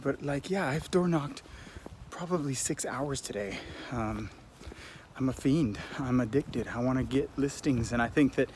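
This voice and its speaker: A man, a real estate agent, vlogging casually in an excited, self-promoting, storytelling way while out on residential streets. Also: medium pitch, slight background noise. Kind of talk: casual vlog to camera.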